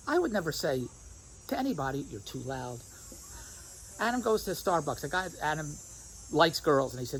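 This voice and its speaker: A man's voice: medium pitch, expressive, a little fast, vocal fry, a bit bright, slight background noise, low-quality recording. A man vlogging outdoors at a restaurant, rambling and repeating himself, laughing at his own points, with insects chirping behind him. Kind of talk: rambling casual vlog monologue. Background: crickets and insects.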